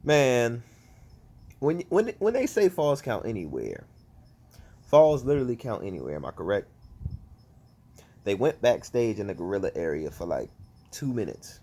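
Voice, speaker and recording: Animated ranting man, swooping pitch. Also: normal speed, pauses often. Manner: animated, profane, exasperated ranting. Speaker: wrestling fan vlogger. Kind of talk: casual ranting review.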